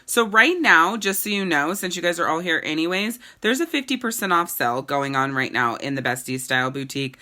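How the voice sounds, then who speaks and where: Bright-voiced, gushing woman talking candidly. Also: on the low side, expressive, fairly quick, few pauses. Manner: candid, gushing, swears casually. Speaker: boutique owner and sales consultant. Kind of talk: casual live video talk to followers.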